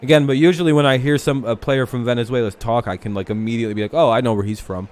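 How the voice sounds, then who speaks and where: A man's voice: mid-range voice, fairly even intonation, very fast, a little mellow. A man hosting a casual live stream, chatting loosely about a ballgame with plenty of swearing and laughter. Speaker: streamer and host.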